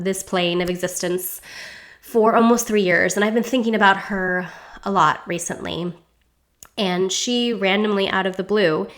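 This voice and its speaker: A woman's voice: medium pitch, fairly bright tone. A woman hosting an astrology show, musing aloud in a reflective, circling way with frequent rhetorical checks. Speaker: astrology podcast host. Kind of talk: reflective podcast monologue.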